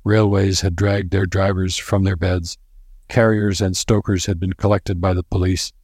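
A man narrating a novel in a measured, dramatic storytelling manner. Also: sits low, flat delivery, a little mellow, husky, dry recording, clean studio sound. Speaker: audiobook narrator.

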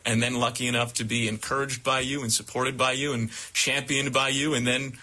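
A young man, a baseball broadcaster, interviewing a mentor and speaking an earnest, deliberate tribute. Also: mid-range voice, little pitch movement, sharp tone.

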